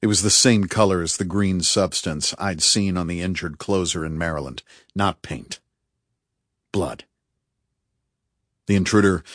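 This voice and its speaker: A man reading a first-person story aloud in a measured, tense storytelling manner, close to the microphone. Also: lowish voice, no echo. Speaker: audiobook narrator. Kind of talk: first-person fiction narration.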